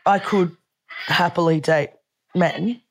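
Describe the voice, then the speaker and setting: A woman's voice: lowish voice, slow pace. A woman who is a guest comedian, talking candidly and mocking herself in casual chat. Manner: candid, self-mocking storytelling.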